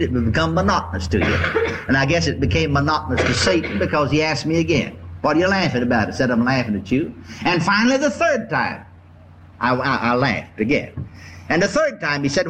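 Older male preacher, homespun storyteller, lively up-and-down delivery. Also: a little fast, a little hiss or hum. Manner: folksy storytelling, lively pitch, acts out laughing. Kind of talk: sermon.

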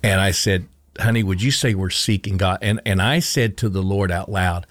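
A middle-aged man with a low voice recounts his testimony in an earnest, conversational way. He often restarts and repeats phrases for emphasis. The sound is dry and close. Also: moderate pace, no room sound. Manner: earnest storytelling with restarts and repetition. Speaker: interview guest, former coach.

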